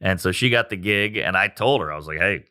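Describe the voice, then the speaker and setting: A man, a stand-up comedian, telling a profane, animated story in casual chat. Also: low voice, fast, clean tone.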